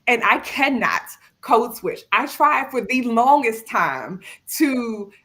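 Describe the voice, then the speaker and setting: A woman with a Maryland accent talks on a panel. Her voice is bright and forceful. She speaks with candid energy and lots of "like" and "you know.". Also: fairly high pitch, slow pace. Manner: animated, candid, many fillers. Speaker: panelist, software tester. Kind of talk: panel discussion.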